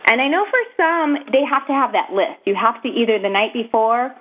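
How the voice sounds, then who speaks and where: A woman co-hosting a casual chat, playful and quick with jokes. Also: a little high, lively intonation. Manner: playful, laughs often, quick asides. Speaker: podcast co-host. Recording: tinny phone-line sound.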